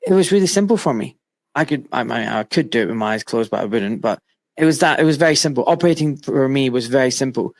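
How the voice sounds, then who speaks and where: A man's voice: medium pitch, fast talker. A middle-aged man hosting an interview from his home studio, telling stories emphatically and acting out quotes. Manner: animated, emphatic storytelling with acted-out quotes. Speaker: host. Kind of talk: casual interview chat.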